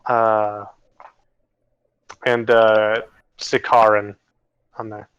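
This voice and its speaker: A man's voice: lowish voice, little pitch movement, very slow, a bit bright, muffled recording, slight background noise. A man running a tabletop game as game master, talking casually with lots of fillers and hesitations.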